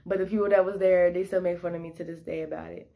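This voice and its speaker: A woman's voice: lowish voice, fast, creaky. Chatty young woman telling a story. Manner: animated, quotes herself in bursts; heavy use of "like" fillers. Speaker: vlogger. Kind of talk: casual storytime.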